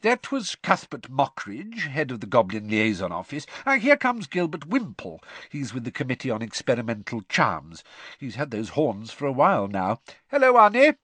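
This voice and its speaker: A man's voice: medium pitch, huge pitch swings, normal speed, fairly bright tone, dry recording. A man voicing a friendly middle-aged wizard father who chats cheerfully and bumbles a little, in an audiobook reading. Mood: chatty. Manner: cheerful running commentary, slightly bumbling.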